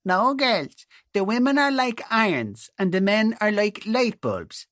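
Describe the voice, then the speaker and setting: A man's voice: high-pitched, expressive, a little slow, a bit bright, no room sound, studio quality, voice pushed up. A man putting on a mock rural Irish accent to play a leering old priest lecturing girls, jabbering away. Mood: preachy.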